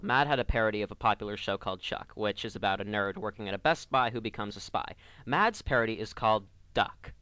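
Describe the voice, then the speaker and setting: A man's voice: lowish voice, bright, forceful tone, clean tone, no echo. Sarcastic man ranting a comedy review. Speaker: online cartoon reviewer. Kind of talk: scripted comedic review rant.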